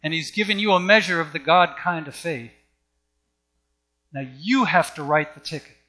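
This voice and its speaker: A man's voice: on the high side, normal speed, bright, forceful tone. A man preaching a sermon with an emphatic, repetitive cadence.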